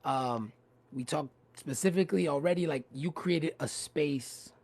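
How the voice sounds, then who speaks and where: A man hosting a livestreamed interview, asking long, halting questions full of restarts. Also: a little high, a little mellow, husky. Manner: halting, many fillers and restarts, easygoing. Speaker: host. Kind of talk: casual interview. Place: home, livestream.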